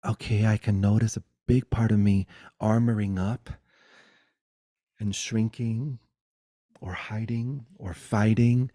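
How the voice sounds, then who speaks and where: A middle-aged man giving a guided spiritual talk over a video call, swinging between loud exclamations and soft, hushed musing, swearing playfully. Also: on the low side, steady tone, slow, pauses often, dry recording, studio quality. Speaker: spiritual teacher.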